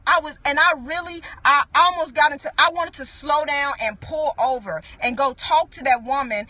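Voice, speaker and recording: A woman's voice: sits high, normal speed, bright, forceful tone. A middle-aged woman preaching a sermon in an earnest, conversational way, full of restarts and asides. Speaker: apostle preaching.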